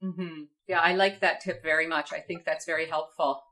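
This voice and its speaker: A woman hosting an interview, responding to her guest with warm, affirming comments. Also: low voice, steady tone, normal speed, poor audio. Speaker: podcast host. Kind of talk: interview conversation.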